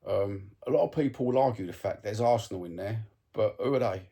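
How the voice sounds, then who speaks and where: A man's voice: lowish voice, brisk, gravelly, mellow. A Cockney man from East London, ranting bluntly and swearing to his phone camera about football, full of ums. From East London, England. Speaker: football fan vlogger. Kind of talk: casual ranting monologue to camera.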